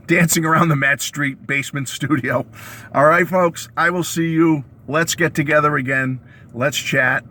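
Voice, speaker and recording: A man hosting his own video channel, with a hoarse, worn-out voice, ranting excitedly about a new release and calling his viewers "folks" again and again. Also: a little high, unhurried, slight background noise. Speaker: YouTube host reviewing music releases. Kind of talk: enthusiastic vlog rant. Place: home basement studio.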